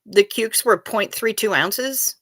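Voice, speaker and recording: A woman with a bright, crisp voice hosts a relaxed livestream and chats with her viewers. She talks in a playful, rambling way, reads their messages aloud and swears now and then. The sound is close and dry, with no room echo. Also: medium pitch, slow pace. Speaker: livestream host. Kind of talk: casual livestream chat with viewers.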